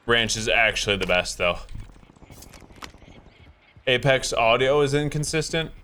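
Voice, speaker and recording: A man's voice: mid-range voice, animated, unhurried, pushed and bright, smooth. A young man chatting casually on a gaming stream, laid-back and jokey, laughing often.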